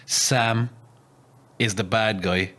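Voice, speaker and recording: A man's voice: fairly low pitch, fairly even intonation, drawn-out words, pushed and bright. A man co-hosting a casual podcast, telling long anecdotes and laughing often. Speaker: podcast co-host. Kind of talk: casual banter.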